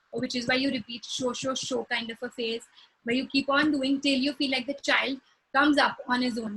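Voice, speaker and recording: A woman's voice: high voice, a bit bright, slight background noise, poor audio. A woman speech therapist answering clinical questions in casual conversation, explaining with examples and acting out short phrases as she would say them to a child. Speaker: speech-language pathologist.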